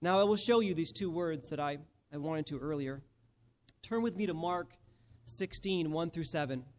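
A male preacher giving a sermon and reading scripture aloud, emphatic and slowing down to stress key phrases. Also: a little high, darkish tone.

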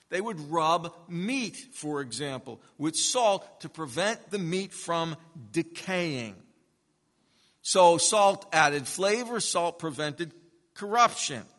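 A man with a high, bright voice preaches in an earnest and deliberate way, giving his words space and repeating them for emphasis. His sermon has a long, ringing reverb from a church hall. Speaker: pastor. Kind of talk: expository sermon.

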